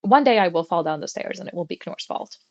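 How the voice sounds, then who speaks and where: A woman's voice: fairly low pitch, lively intonation, fast, creaky, highs cut off. Chatty young woman rambling on stream. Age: young adult. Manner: rambling, chatty, swears casually. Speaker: livestreamer. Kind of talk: casual chat. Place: at home, upstairs bedroom.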